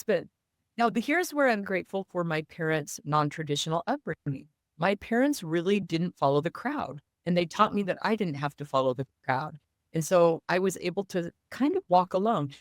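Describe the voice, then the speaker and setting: A woman's voice: lowish voice, moderate pace, dry recording, studio quality. A woman guest in an interview, earnestly telling a personal story and acting out the quoted voices of others. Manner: earnest, animated retelling with quoted dialogue.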